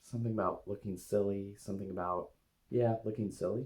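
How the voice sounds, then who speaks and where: An eating coach and video host demonstrates a guided meditation to camera, eyes closed, speaking to an inner part. He talks gently and hesitantly with many pauses, in a voice on the low side with fairly even intonation.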